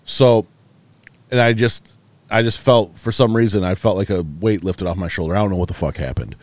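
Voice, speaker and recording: A man's voice: fairly low pitch, a little fast, no room sound. A man co-hosting a podcast, telling a long story in casual chat, loose and profane with lots of restarts, sounding tired. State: yawning, tired. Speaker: podcast co-host.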